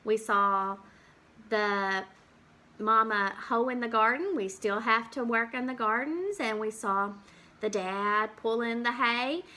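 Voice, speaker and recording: In a fairly high, bright, forceful voice at a slow pace, a woman teacher leads storytime with a farm picture book. She voices the animal sounds, explains things, and stops to ask the children questions.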